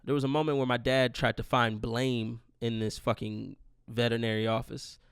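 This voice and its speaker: A man's voice: mid-range voice, little pitch movement, normal speed, clean tone, no echo, clean studio sound. A young man hosting his podcast alone, in a profane, rambling rant. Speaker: podcast host. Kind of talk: casual solo monologue.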